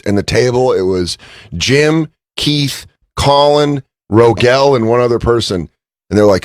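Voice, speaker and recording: Animated comedian with a lively voice. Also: male voice, medium pitch, a little fast, no echo, studio quality. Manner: animated, acts out others' lines in his stories. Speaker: guest comedian. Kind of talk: casual studio banter, storytelling.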